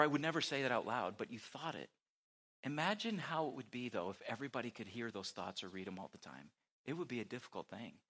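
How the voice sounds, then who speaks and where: A man preaching a conversational sermon as a pastor, chatty and quick to correct himself. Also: medium pitch, fairly bright tone, breathy edge.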